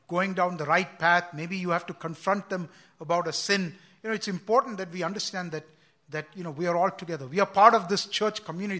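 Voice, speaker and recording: A man's voice: high voice, bright, forceful tone. A man preaching a sermon, earnest and repeating words as he quotes scripture with emphasis.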